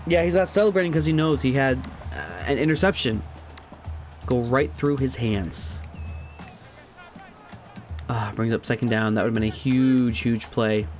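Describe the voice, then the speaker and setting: Excitable man commentating a football game. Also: medium pitch, a little slow, long pauses, faint music behind. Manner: excitable, jumps to loud shouts at big plays; chatty, thinks aloud, laughs at himself. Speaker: gaming commentator. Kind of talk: casual let's-play commentary.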